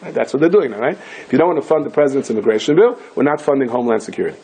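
Animated husky rabbi lecturing. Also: male voice, mid-range voice, very fast. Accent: American English with Yiddish and Hebrew words. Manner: animated storyteller, acting out voices with shouts. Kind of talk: Torah lecture.

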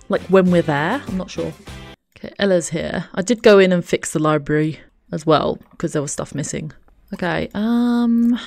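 A woman's voice: mid-range voice, a little mellow, no echo. Chatty woman doing game commentary. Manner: chatty, talks to her game characters, frequent light laughs. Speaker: let's play host. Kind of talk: casual gameplay commentary.

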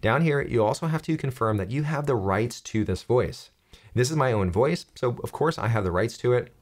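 A young man hosting a software tutorial, explaining step by step in an upbeat, joking way. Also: medium pitch, expressive, moderate pace. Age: young adult. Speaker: tech tutorial host. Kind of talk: screen-recorded software tutorial.

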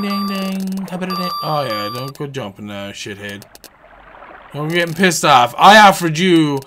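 A man giving lively let's play commentary on a fishing game, swearing and coaxing and scolding the fish as he plays. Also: on the high side. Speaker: gaming channel host.

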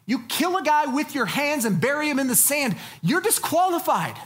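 A woman pastor delivering a sermon, lively and dynamic, dropping to low, soft tones for emphasis. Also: normal speed.

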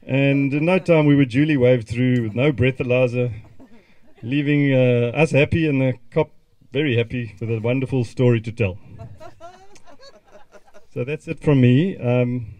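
A middle-aged man speaks at an outdoor memorial gathering. His voice sits at an ordinary middle pitch. He reminisces fondly, with small chuckles and false starts. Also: a little slow, rough recording. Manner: warm reminiscing with chuckles and restarts. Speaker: eulogy speaker. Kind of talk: memorial speech. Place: outdoor gathering at a country club.

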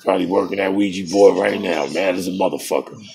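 A man's voice: deep voice, quick pace, gravelly, crowd noise. A man streaming a game and trading profane, boastful taunts, breaking into laughter at his own jokes. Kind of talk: trash-talking commentary over a game.

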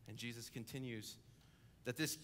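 A young adult coordinator preaching a sermon in church, telling a story vividly, dropping to a hush and then building to emphasis. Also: male voice, mid-range voice, steady tone, normal speed, slight background noise. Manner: vivid storytelling, acting out the characters; swings between hushed and emphatic. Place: church service, live-streamed.

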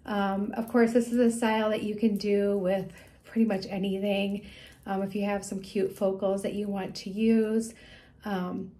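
A woman's voice: medium pitch, little pitch movement, measured pace, dark tone. A middle-aged woman hosting a casual beading tutorial, chatty and homey, with frequent ums. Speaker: beading video host. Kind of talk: casual crafting tutorial chat.

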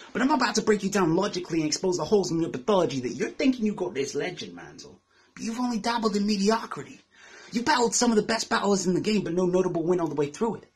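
A battle rapper from England delivers a verse, taunting his opponent with aggressive insults. His voice is high-pitched and slightly rough.

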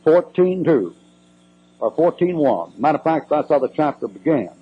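A man's voice: a little high, big pitch swings, normal speed, husky. An older man, a preacher answering questions in a church Q&A, folksy, blunt and emphatic with joking asides, on a muffled old cassette recording.

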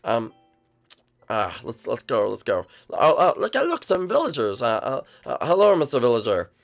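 A man's voice: mid-range voice, huge pitch swings, moderate pace, creaky, faint music behind. A man voicing a nervous pregnant female dinosaur who hesitates and stammers, in a game role-play. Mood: flustered.

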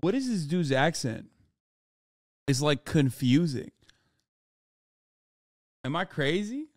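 A man's voice: a little high, very animated, slow pace, no room sound, studio quality. A man streaming reactions to a video, with blunt, joking commentary and plenty of swearing.

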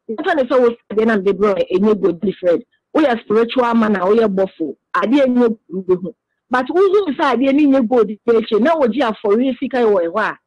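A woman's voice: fairly high pitch, darkish tone, dry recording, highs cut off. A woman being interviewed on the radio, earnestly explaining her side at length.

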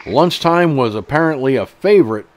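Blunt, profane middle-aged man with a lively voice. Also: medium pitch, moderate pace. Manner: blunt and profane, indignant asides. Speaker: online news show host. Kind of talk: reading a news article aloud with commentary.

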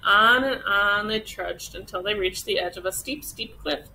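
Bright-voiced teacher reading aloud. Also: female voice, mid-range voice, moderate pace, gravelly, a little hiss or hum, poor audio. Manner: expressive storytelling. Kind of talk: children's picture book read-aloud.

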